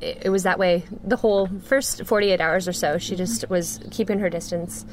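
A woman speaking as an interview guest, telling a personal story earnestly with frequent pauses and restarts. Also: on the low side, noisy background. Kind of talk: conversational storytelling.

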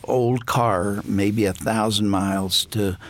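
A man's voice: fairly low pitch, steady tone, slow pace, slight background noise. An older man hosting a Christian talk show, speaking in an earnest, reflective way.

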